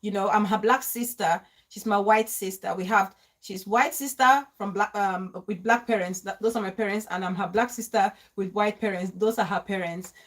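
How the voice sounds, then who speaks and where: A woman hosting a live stream, warmly greeting viewers by name and talking into her phone. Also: mid-range voice, fairly even intonation, moderate pace, few pauses. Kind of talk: live stream chat reading comments.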